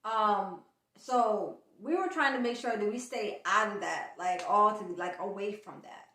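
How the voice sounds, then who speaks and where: A woman's voice: medium pitch, a little slow. Chatty woman vlogger, roomy sound. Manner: chatty, animated retelling with quoted dialogue. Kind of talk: casual storytime vlog.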